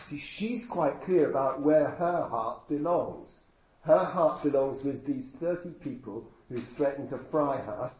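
A man's voice: mid-range voice, mellow. A man preaching a sermon in a conversational way, full of rhetorical questions and dry humor. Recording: echoey room with faint noise.

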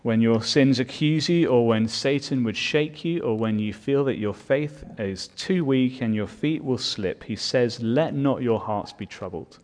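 A man's voice: mid-range voice, unhurried, few pauses, a little mellow. A man preaching a sermon as pastor, earnest and building in volume on his key points.

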